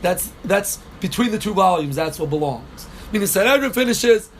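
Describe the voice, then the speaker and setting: A man with a fairly high voice leads a Talmud class, walking through the text line by line and repeating key phrases. He stops to answer questions from the students. A faint hum of room noise sits under his voice. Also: lively intonation, moderate pace. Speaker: Talmud teacher.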